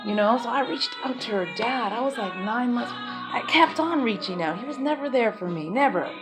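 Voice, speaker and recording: A woman's voice: a little high, expressive, normal speed, music in the background. A woman telling her own life story as a mother, emotional and rambling, speaking bluntly and swearing.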